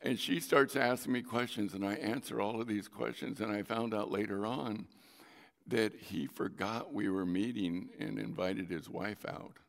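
A man delivers a sermon in a low, gravelly voice, leaning hard on key words as he tells a story from his own life. His voice rings with the long reverb of a large hall. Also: moderate pace. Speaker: pastor.

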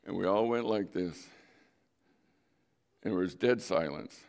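A middle-aged man preaching a sermon, his lowish voice carrying a gravelly edge. He talks like he's telling stories to friends, then suddenly pushes his voice up for emphasis. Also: measured pace, darkish tone. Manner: conversational storytelling with sudden emphatic rises. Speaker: pastor.

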